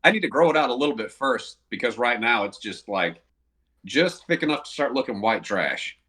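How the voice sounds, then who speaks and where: A man's voice: medium pitch, expressive, brisk, pushed and bright. A man, a paramedic guest chatting casually on a podcast with dry, self-deprecating humor. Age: adult, married.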